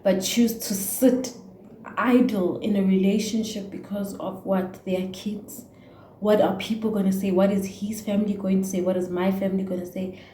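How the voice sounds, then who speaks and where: A woman's voice: mid-range voice, steady tone, moderate pace, warm tone, roomy sound, slight background noise, rough recording. A young South African woman with a South African accent, ranting heartfelt and preachy to her viewers, mixing in Zulu words. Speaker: YouTuber. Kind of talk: emotional casual rant to camera.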